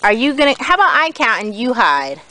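A woman's voice: on the high side, brisk, rough recording. A young woman and mother, filming a casual family vlog outdoors and coaxing her small children in a playful way. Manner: animated, playful, coaxing talk to small kids. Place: outdoors in a grassy backyard.

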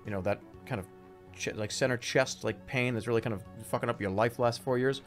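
A man voicing a middle-aged male doctor who speaks low, halting and hesitant, full of pauses. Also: soft background music, close to an everyday voice.

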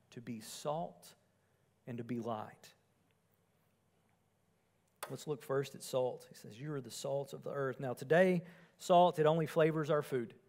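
A male pastor preaching an earnest sermon, moving between emphatic and quiet passages. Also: medium pitch.

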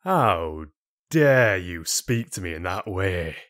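A man's voice: low voice, very animated, slow, fairly bright tone, heavily acted. A man voicing a harsh, greying father who is cruel and scornful toward his son. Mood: contemptuous. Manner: gruff and scornful.

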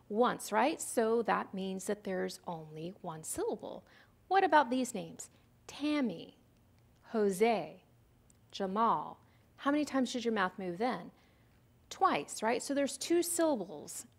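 A woman's voice: mid-range voice, gravelly. A woman giving a recorded lecture on syllables and phonics, explaining step by step and asking the listener questions. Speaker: literacy presenter.

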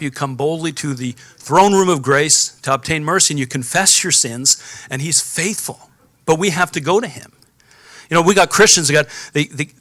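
Bright-voiced man preaching a sermon. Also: fairly high pitch, dry recording, studio quality. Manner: calls out to the congregation for responses. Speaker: pastor. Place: church sanctuary.

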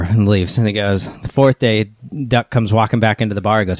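A man's voice: fairly low pitch, fairly even intonation, a little fast, no room sound, studio quality. A man hosting a podcast in casual chat, easygoing and joking. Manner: easygoing, tells jokes with a laugh. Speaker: podcast host.

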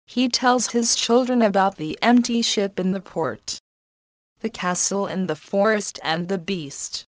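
Slow, measured woman narrator. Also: mid-range voice, dry recording. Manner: clear, measured reading. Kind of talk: slow storybook narration for learners.

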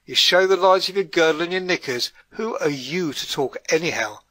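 A man's voice: on the high side, lively intonation, moderate pace, fairly bright tone, dry recording, pitched above the performer's own voice. A man voicing Maud, a brash, nosy English neighbour woman in a storybook reading. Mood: indignant.

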